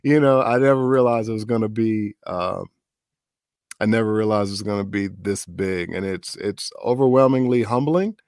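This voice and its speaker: A middle-aged voice actor, appearing as a guest in a casual interview, tells stories animatedly and performs the voices of the people he quotes. His voice is lowish and his pace normal, recorded cleanly in a dry studio setting.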